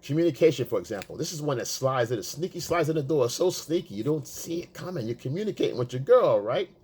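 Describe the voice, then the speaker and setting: Husky guy coaching men on dating, swears a lot, voice jumps all over. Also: fairly high pitch, expressive, fast talker, darkish tone. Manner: profane, repetitive, emphatic. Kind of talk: casual coaching talk to the camera.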